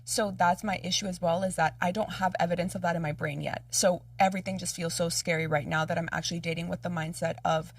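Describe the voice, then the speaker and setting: A woman's voice: fairly low pitch, level tone, fast talker, gravelly, few pauses, husky, no echo, studio quality, far from the mic. A woman podcast host in casual chat, open and affirming, speaking about her own dating life. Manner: open, affirming, short agreeing replies.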